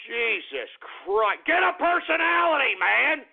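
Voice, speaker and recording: A man's voice: very high voice, sing-song, measured pace, creaky, husky. A man hosting talk radio, ranting, profane and repetitive as he berates his listeners. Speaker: radio host. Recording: phone-like talk radio audio.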